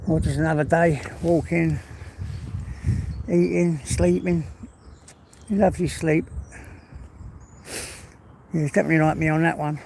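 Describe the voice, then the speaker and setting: Out walking on a livestream, a host from England rambles down-to-earth and a bit breathless in a casual chat. His voice is fairly high and creaky against background noise.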